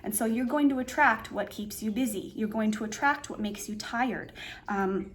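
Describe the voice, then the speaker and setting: A woman's voice: fairly high pitch, moderate pace. Rambling woman reading tarot. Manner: meandering, many fillers and restarts. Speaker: tarot reader. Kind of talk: casual spoken tarot reading. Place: indoor room with a painting behind her.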